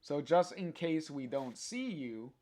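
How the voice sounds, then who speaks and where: A man's voice: on the high side, expressive, slow, warm tone. A man voicing a friendly young woman drummer, reading her lines plainly with fillers.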